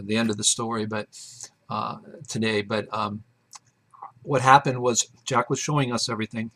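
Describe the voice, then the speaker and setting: A man's voice: mid-range voice, gravelly, a bit bright. A man hosting his own show, telling a personal story in a rambling, casual way with many fillers and restarts. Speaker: host.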